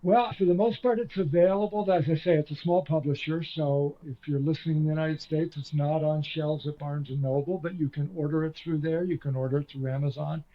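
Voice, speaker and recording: A man's voice: on the high side, fairly even intonation, a little fast, hardly any pauses, highs cut off. An older man, a former radio host and author, chatting in an interview in a self-deprecating storytelling way. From Canada. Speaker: author guest. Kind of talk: conversational interview.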